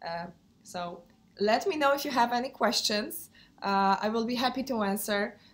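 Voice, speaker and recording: A woman's voice: fairly high pitch, normal speed. Woman, sick voice. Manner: hesitant, many fillers, non-native phrasing. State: sick, voice affected. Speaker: handbag vlogger. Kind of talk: casual product review vlog.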